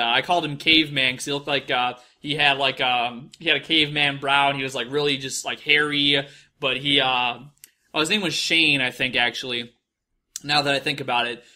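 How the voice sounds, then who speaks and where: A man's voice: a little high, bright, forceful tone. A young man with a Midwestern American accent telling stories in a casual, profane, rambling monologue, often mocking people in put-on voices. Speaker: podcast host.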